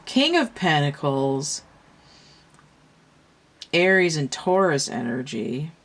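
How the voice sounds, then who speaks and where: A woman's voice: low-pitched, big pitch swings, slow pace. A woman giving a casual tarot reading in a rambling, slangy way, with a lot of "like" and free swearing. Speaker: tarot reader.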